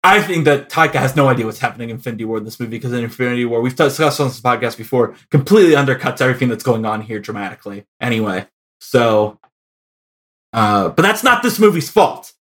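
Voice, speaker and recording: A man's voice: mid-range voice, lively intonation, quick pace, a bit bright. A young man co-hosting a podcast, chatting casually and acting out quotes in put-on voices. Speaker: podcast co-host.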